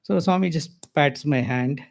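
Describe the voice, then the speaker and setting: An older man with an Indian accent, giving a devotional talk full of personal stories, lively with chuckles and asides. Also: fairly high pitch, measured pace, gravelly. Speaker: spiritual speaker.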